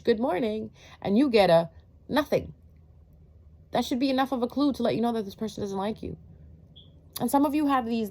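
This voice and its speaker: A woman's voice: a little high, dark tone. A woman giving a blunt, preachy talk to her viewers, swearing freely and firing rhetorical questions between lots of fillers. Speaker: tarot reader. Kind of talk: casual monologue to viewers.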